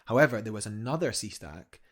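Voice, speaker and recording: A man's voice: on the low side, lively intonation, fairly quick. A young man, a guest climber, telling a story eagerly in a casual interview, rambling with fillers and restarts.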